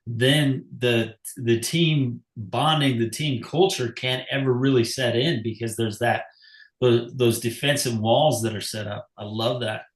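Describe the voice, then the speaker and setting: Male host, middle-pitched voice, reflective storyteller, roomy echo on the recording. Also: a little slow. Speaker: podcast host, coach. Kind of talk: casual interview talk. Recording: echoey room.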